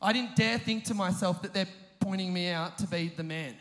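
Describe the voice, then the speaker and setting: A young preacher with a very high voice tells a story that makes fun of himself, laughing through his sentences. He is lively and quick to poke fun at his own mishaps. His voice carries a long reverb from the large hall where he preaches. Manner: animated, self-mocking, often laughing mid-sentence. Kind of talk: humorous storytelling sermon.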